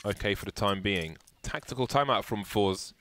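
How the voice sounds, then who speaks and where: A man giving play-by-play commentary on an esports match, getting excitable and rising with the action. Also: fairly low pitch, moderate pace, a little hiss or hum.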